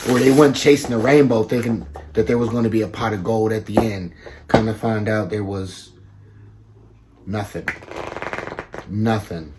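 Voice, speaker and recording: A man giving a casual tarot reading to his viewers, talking slowly and repeating himself, with bits of slang. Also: lowish voice, steady tone, very noisy. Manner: slow, repetitive, conversational with slang. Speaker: tarot reader.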